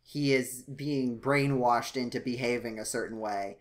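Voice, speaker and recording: A man co-hosting a casual podcast, rambling with many restarts and fillers, his voice jumping up when he gets excited. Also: unhurried. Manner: animated, jumps up in pitch when excited. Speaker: podcast co-host.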